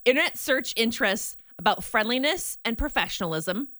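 A woman's voice: fairly high pitch, animated, fairly quick, fairly bright tone. A woman from the US Midwest co-hosting a morning radio show, chatting casually and playfully, often laughing.

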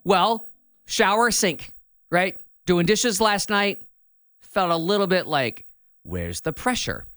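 A man's voice: high-pitched, slow pace, clean tone, no room sound, clean studio sound, faint music behind. A man from the US Midwest co-hosting a morning radio show, joking wryly and telling stories in casual chat. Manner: wry, joking, animated storyteller.

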